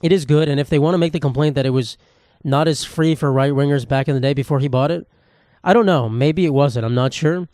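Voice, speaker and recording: Young man, podcast host, rambling, profane, slightly high voice, dry close mic. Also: brisk, a little mellow, dry recording. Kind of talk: solo podcast monologue. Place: apartment.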